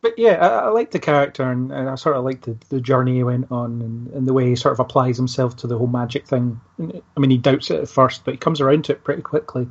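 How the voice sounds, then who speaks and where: A man's voice: mid-range voice, quick pace, hardly any pauses, husky. A man hosting a casual film discussion, easygoing and hesitant, talking things through with fillers. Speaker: podcast host. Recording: dull lo-fi podcast audio.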